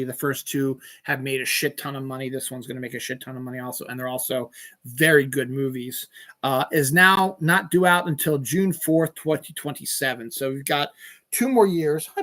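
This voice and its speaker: A man's voice: mid-range voice, normal speed, bright, forceful tone. A man in his forties hosting a casual solo podcast from home, cursing freely, at times ranting and at times chatting easily. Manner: profane ranting, then easygoing chatter. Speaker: podcast host. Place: home room.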